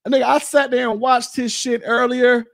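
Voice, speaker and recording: Blunt, high-voiced man ranting. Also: flat delivery, normal speed, gravelly. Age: 40s. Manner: blunt, mocking, profane. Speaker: podcast host. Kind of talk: casual rant.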